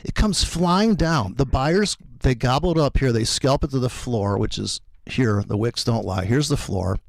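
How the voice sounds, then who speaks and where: A man's voice: medium pitch, lively intonation, normal speed, creaky, dry recording. A man talking about trading in a heated, profane rant that mocks other traders. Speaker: trader co-host. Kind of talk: animated trading talk.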